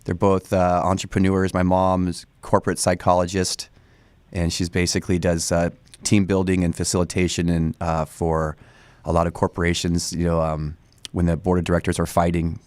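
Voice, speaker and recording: A man's voice: low-pitched, monotone, moderate pace, darkish tone, dry recording. A man in his forties from Northern California, a studio guest talking at length in a casual, rambling way with many restarts. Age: 40s. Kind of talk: casual interview talk. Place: radio studio.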